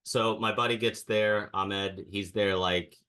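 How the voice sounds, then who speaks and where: Low-voiced guy co-hosting a chat show, forceful bright tone, ranting storyteller who acts out quotes. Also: steady tone, takes it slowly, clear, resonant tone. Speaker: podcast co-host. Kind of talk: casual chat.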